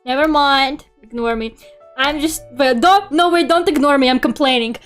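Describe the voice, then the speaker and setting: Young woman streamer, high voice, grumbling, swearing, giggly, faint music behind. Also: normal speed. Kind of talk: casual chat while drawing.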